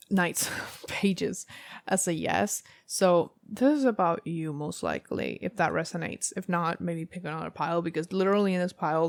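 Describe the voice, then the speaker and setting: Low, gravelly woman rambling through a tarot reading. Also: dry recording. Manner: rambling, thinking aloud with frequent fillers. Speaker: tarot reader.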